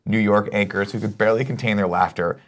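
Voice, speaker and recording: A man's voice: lowish voice, steady tone, quick pace. A man co-hosting a casual morning chat show, reading a news story aloud with profane asides. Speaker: co-host.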